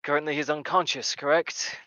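A man voicing a stern male priest who gives orders in a low, quiet, formal way. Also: steady tone, brisk, no echo, low-quality recording. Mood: questioning.

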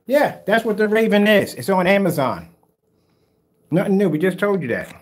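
A man's voice: high-pitched, sing-song, normal speed. A man hosting a casual livestream, brash and teasing, trash-talking his viewers and mock soothing them. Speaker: DIY projector screen paint video host. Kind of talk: casual livestream chat replying to viewer comments.

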